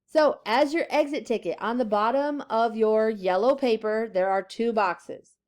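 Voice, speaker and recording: A woman teacher giving a classroom grammar lesson, slowly stressing key words and reading example sentences aloud. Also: fairly high pitch, darkish tone.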